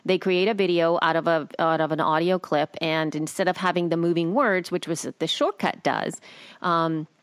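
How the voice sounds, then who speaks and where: A woman's voice: on the low side, steady tone, normal speed, clear, resonant tone, no echo. A woman co-hosting a podcast, reading listener mail and chatting with hesitant restarts. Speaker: podcast co-host. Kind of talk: casual chat.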